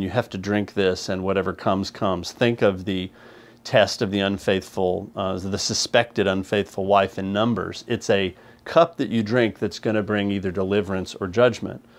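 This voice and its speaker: A man's voice: fairly low pitch, creaky. A man reading a scripture passage aloud, then teaching on it verse by verse in an earnest, explanatory way, raising his voice to stress key points. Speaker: Bible teacher.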